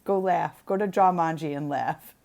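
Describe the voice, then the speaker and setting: A woman's voice: low voice, moderate pace, gravelly, a little mellow. A young woman chatting casually on a craft livestream. She jokes, laughs easily and greets viewers by name as they arrive. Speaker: co-host.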